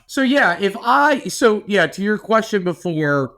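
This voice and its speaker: A young man co-hosting a podcast, talking in an animated, playful way with lots of filler words. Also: sits high, measured pace. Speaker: podcast co-host. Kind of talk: casual chat.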